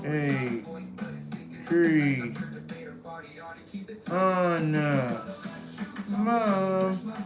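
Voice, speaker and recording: Male streamer, slightly high voice, slow unhurried delivery, crude joking banter with chat. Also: lively intonation. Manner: crude, goofy and chaotic, greets viewers. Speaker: livestream host. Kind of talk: rambling live-stream chat. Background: music.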